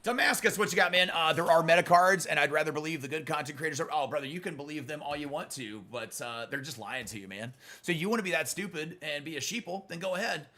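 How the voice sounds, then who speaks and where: A man's voice: a little high, lively intonation, quick pace, pushed and bright. A middle-aged man hosting a live gaming stream, chatting with viewers he calls brother, blunt and profane when answering trolls, close to his microphone. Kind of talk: live stream chat while playing.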